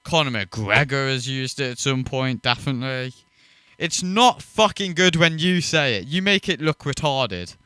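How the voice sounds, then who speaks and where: A man's voice: mid-range voice, lively intonation, normal speed, sharp tone, smooth, no room sound. Man, reaction host, mocking profane rant, resonant voice, dry close sound. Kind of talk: ranting reaction commentary.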